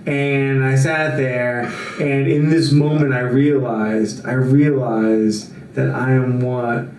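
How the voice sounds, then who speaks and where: Male host telling a story in casual chat, slow and filler-heavy, echoey room, mic at a distance. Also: medium pitch, fairly even intonation, darkish tone. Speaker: show host.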